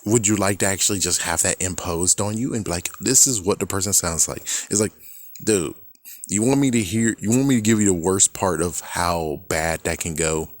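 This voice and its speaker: A man with a somewhat low voice rants casually to the camera. He rambles and sounds exasperated, with frequent swearing. The sound is dry, with no room echo. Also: moderate pace. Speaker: video creator. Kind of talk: casual opinion rant.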